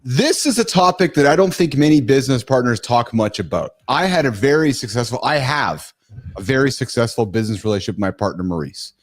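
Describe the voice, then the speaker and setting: A man hosting a talk show, playful and animated, who often restarts his sentences in halting bursts. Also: medium pitch. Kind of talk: casual talk show banter.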